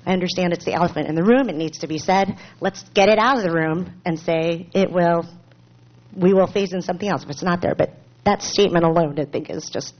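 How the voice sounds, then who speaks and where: A woman, a parent, giving public comment at a school board meeting, partly reading from notes in an earnest, slightly halting way with small asides. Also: on the low side. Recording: dull lo-fi meeting recording.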